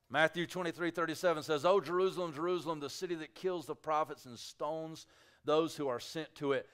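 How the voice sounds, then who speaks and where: Male pastor, slightly higher pitch, clear smooth voice; dynamic sermon delivery, shifts from hushed to loud. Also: fairly quick. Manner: emphatic preaching with rising shouts and quiet drops. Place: church sanctuary.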